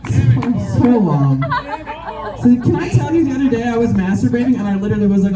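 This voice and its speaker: A woman's voice: medium pitch, expressive, fairly quick. A woman doing a frank, self-mocking stand-up set on a club rooftop, often laughing through her lines. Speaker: stand-up comedian. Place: rooftop of a music club at a live show. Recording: echoey, distant, with a live crowd.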